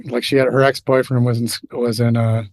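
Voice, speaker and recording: A man's voice: mid-range voice, little pitch movement, normal speed, darkish tone, no echo. A middle-aged man telling stories in a casual chat as a podcast guest, rambling and restarting often, livening up as he recalls things.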